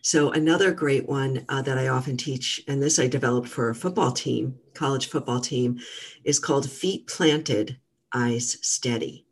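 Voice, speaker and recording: A middle-aged woman, a guest trainer, talking casually in a gentle coaching manner with lots of fillers. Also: very deep voice, normal speed, breathy edge. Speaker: guest, mental fitness trainer. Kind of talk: casual interview talk.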